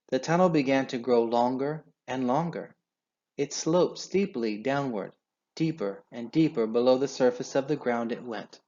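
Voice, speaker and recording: A man reading a children's storybook aloud in an expressive, measured way. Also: mid-range voice. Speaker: children's book reader. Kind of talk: storybook read-aloud narration. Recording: dull lo-fi sound.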